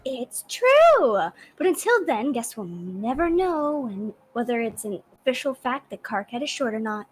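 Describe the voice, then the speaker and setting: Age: teen. Figure: brash troll girl, read by a woman. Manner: boastful, lively pitch. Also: normal speed, few pauses, breathy edge. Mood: scornful. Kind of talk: casual fan read-along of a web comic.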